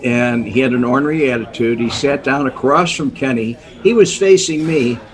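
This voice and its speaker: An older man telling a story as an interview guest, animated, chuckling often and acting out voices. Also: mid-range voice, moderate pace. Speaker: guest, former undercover informant.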